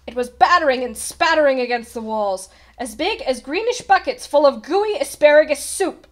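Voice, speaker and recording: A woman reading a children's picture book aloud as a storyteller, with expressive, animated delivery. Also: high voice, normal speed.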